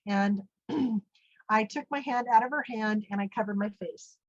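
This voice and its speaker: A woman from the US, speaking at mid-range pitch and a little slowly, shares her near-death story in an interview. It comes out earnest and rambling, with plenty of asides and frequent "you know" and "literally." There's no echo, but the sound is muffled.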